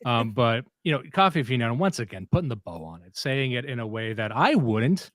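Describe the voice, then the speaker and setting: Crude, excitable podcast host, a man. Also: medium pitch, brisk, dry recording, studio quality. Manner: crude, profane and excitable, jumping between topics. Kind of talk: casual chat.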